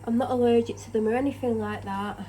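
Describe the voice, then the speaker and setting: A woman's voice: a little high, steady tone, fast talker, warm tone, a little hiss or hum, low-quality recording. A tired woman rambles in casual chat about her day while cooking in her home kitchen. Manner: rambling, chatty, self-deprecating. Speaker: vlogger.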